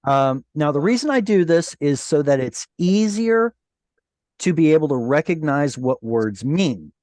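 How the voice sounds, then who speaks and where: A man's voice: on the high side, animated, a little mellow, dry recording. Patient man teaching an online Hebrew class. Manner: patient, explanatory, pronounces Hebrew words slowly. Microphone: video call.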